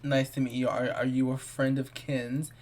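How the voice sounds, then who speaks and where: A man's voice: mid-range voice, level tone, normal speed, a little mellow, lightly acted. A man voicing an earnest, trusting male game character who talks politely and eagerly.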